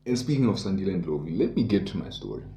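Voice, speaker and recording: A man's voice: sits low, very animated, quick pace, warm tone, roomy sound, slight background noise. A young South African man casually telling a personal story, full of township slang and voiced asides. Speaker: podcast host.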